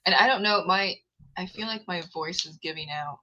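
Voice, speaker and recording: A woman's voice: lowish voice, moderate pace, bright, forceful tone, highs cut off. A woman hosting a casual video call, playful and teasing, laughing often. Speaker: host. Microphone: headphones on a video call.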